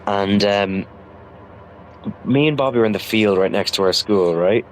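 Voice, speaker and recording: A man's voice: fairly low pitch, a little hiss or hum, rough recording. A young man casually telling a story from his school days, rambling with lots of fillers and restarts. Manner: rambling, halting, full of fillers.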